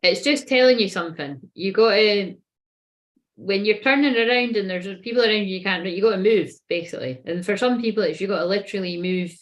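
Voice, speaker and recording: A woman's voice: medium pitch, a little fast. Rambling giggly woman reading tarot cards. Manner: rambling, giggly, sweary and chatty. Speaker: tarot reader. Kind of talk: casual live tarot reading.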